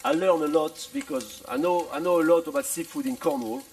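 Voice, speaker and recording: A middle-aged man from France explaining a dish at a festival cooking demonstration, with many halting restarts and repeated words and dry jokes. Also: high-pitched, very animated, gravelly, a little mellow, far from the mic, a little hiss or hum, poor audio. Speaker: chef.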